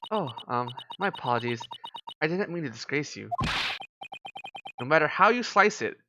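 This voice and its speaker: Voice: mid-range voice, lively intonation, moderate pace, very noisy, close to an everyday voice. A streamer voicing a nervous, earnest young male law student in a visual novel, who stammers and apologizes. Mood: flustered. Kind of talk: reading visual novel lines aloud. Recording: game music playing behind. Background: game music.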